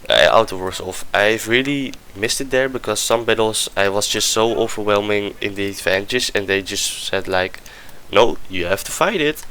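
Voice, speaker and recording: A man's voice: fairly low pitch, steady tone, normal speed, few pauses, sharp tone, smooth, low-quality recording. A man giving a casual, rambling game review over gameplay, often stopping to search for words and restart his sentences.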